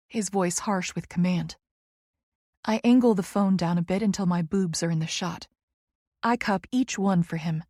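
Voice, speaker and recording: A woman narrating a first-person romance audiobook in an intimate, hushed way on a close studio mic. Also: on the low side, normal speed, no echo.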